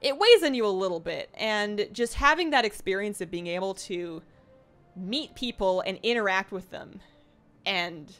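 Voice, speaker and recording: A woman's voice: mid-range voice, lively intonation, normal speed, a bit bright, faint music behind. Young woman streamer, casual at-home chat, rambling and self-deprecating, lots of ums and restarts. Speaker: livestream host. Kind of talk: casual chat reading viewer comments. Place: home apartment.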